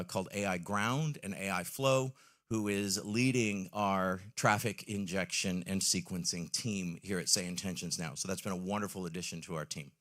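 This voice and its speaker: A man's voice: lowish voice, a bit bright. A man giving an enthusiastic live product presentation on a trade-show stage, with frequent ums and questions to the audience.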